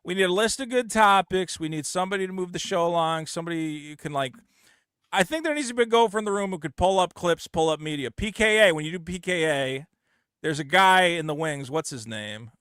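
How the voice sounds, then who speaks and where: A man's voice: high-pitched, expressive, a little fast, a bit bright, clean tone, dry recording, clean studio sound. A man hosting a podcast in casual, blunt, profane chat, often mocking others in exaggerated voices. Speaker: podcast host.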